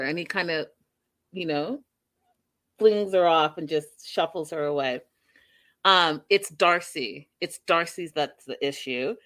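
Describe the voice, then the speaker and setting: A woman casually recapping a reality show, telling the story in an animated, opinionated way. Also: low-pitched, slow pace.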